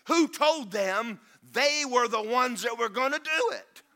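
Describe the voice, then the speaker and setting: A man's voice: very high-pitched, animated, measured pace, hardly any pauses, sharp tone. A man preaching a sermon as pastor, folksy and joking, then rising to emphatic preaching.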